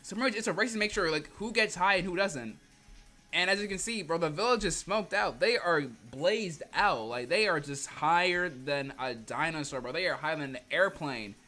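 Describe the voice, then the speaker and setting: A man's voice: a little high, lively intonation, moderate pace, pushed and bright, faint music behind. Joking, slang-heavy streamer man. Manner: slangy, joking, laughs often. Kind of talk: comedic comic reading livestream.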